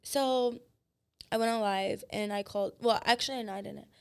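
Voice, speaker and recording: A woman guest on a podcast, telling her story in a blunt, profane and animated way. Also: mid-range voice, moderate pace, vocal fry. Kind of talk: casual storytelling chat.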